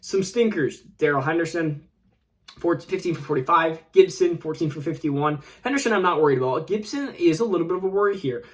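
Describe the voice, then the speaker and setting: Man, casual solo commentary, slightly high voice, rambling, chuckles, restarts sentences. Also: expressive, a little fast. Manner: rambling, self-interrupting, chuckles often. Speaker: fantasy football channel host.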